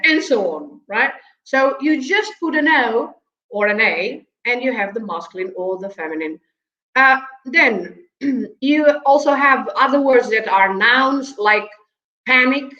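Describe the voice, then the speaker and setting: On a talk show, a native Portuguese speaker with a matching accent patiently explains vocabulary as the guest language teacher, often chuckling and asking "right?". Her fairly bright voice is on the high side and expressive, delivered at a measured pace, in roomy, slightly dull audio.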